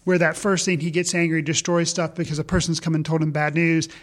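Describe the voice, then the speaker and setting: A man in casual conversation about a film, animated and quick to laugh, often restarting his sentences. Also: fairly high pitch. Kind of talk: casual movie discussion.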